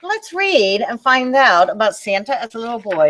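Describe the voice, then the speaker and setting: Librarian lady reading a kids' story, lively swoopy voice, bit high. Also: normal speed, a little hiss or hum. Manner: animated, speaking to children. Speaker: children's librarian. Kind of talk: children's storytime read-aloud.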